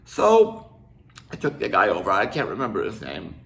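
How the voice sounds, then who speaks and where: A man's voice: lowish voice, huge pitch swings, normal speed, creaky, fairly bright tone. An older man from Canada, casually telling a rambling story with restarts and asides. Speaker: musician telling a tour story.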